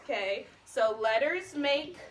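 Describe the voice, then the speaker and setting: Brief: woman teacher, high bright voice, coaxing questions to small kids, heard from across a classroom. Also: expressive, slow pace, far from the mic, noisy background. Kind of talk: phonics lesson to young children. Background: children's voices.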